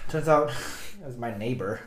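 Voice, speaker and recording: A young man co-hosting a casual chat, telling animated stories, swearing and laughing often. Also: mid-range voice, slow. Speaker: podcast co-host. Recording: echoey room.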